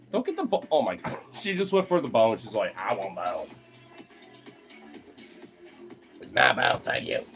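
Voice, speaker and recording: A young man chatting playfully to his pet dogs, sliding into high cooing pet talk. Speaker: dog owner vlogger.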